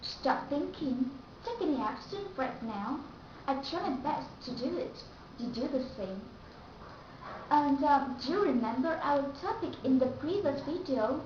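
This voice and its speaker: High-voiced woman teaching, echoey. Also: animated, slight background noise. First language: Vietnamese. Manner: slow, careful, repeats example words. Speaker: English pronunciation teacher. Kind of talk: online pronunciation lesson. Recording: echoey room, distant mic, dull and lo-fi.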